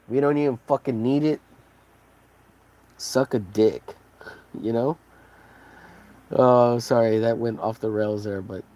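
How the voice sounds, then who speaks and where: A man hosting a podcast, ranting casually in a profane, rambling, heated way. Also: medium pitch. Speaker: podcast host. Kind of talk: casual rant.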